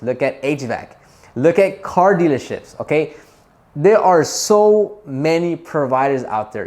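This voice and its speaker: Emphatic man giving business advice. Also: medium pitch. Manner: animated, emphatic, repeats himself with many fillers. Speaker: detailing business channel host. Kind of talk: casual advice vlog to camera.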